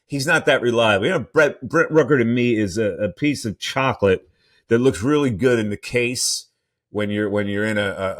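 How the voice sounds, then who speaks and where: Man, sports podcast host, low voice, rambling opinions, restarts. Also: fairly bright tone. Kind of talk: solo sports talk podcast.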